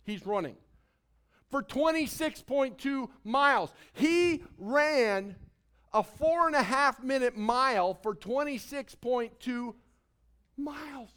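A male pastor preaching a sermon, swinging from soft asides to loud emphasis. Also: extremely high pitch, smooth.

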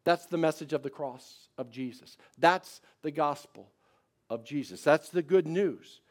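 A middle-aged male pastor preaching a sermon, swinging between loud emphatic declarations and soft, quiet personal asides. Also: fairly high pitch, a little slow.

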